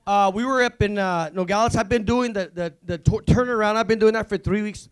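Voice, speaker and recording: A man, a visiting pastor, giving a rambling, excitable testimony at a church service, full of restarts. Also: high-pitched, brisk, smooth. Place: church sanctuary.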